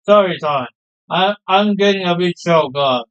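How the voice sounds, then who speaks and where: A man's voice: sits high, measured pace, a bit bright, smooth, muffled recording. A man reading aloud the lines of a proud, sentimental fisherman father in a game, in a homely, storytelling way. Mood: fond.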